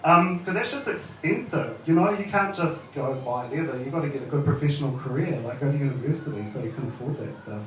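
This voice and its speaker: Man, New Zealand accent, thirties, stand-up comedy, laughs a lot, swears, boomy room. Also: lively intonation, a little fast, hardly any pauses, a bit bright, a little hiss or hum. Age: 30s. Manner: casual, sweary, laughing at his own jokes. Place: open mic comedy venue. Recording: echoey room, heard from far off.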